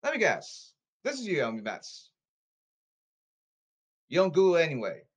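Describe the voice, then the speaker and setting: A man's voice: a little high, wildly swooping pitch, normal speed, husky. A man delivering an angry, repetitive rant, scolding and demanding, often stumbling over his words.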